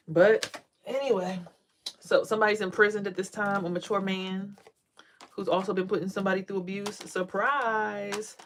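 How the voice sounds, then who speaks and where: Animated, cussing woman telling a story. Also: fairly quick, noisy background. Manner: animated, profane, acts out quotes in a high voice. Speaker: vlogger and tarot reader. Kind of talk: casual storytelling vlog.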